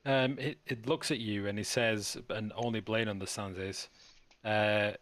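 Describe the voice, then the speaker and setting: A low-voiced man runs a fantasy tabletop game, narrating each scene at a measured pace with short filler pauses. His voice sits close to a dry mic with no room sound. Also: steady tone, a bit bright, dry recording. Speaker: game master.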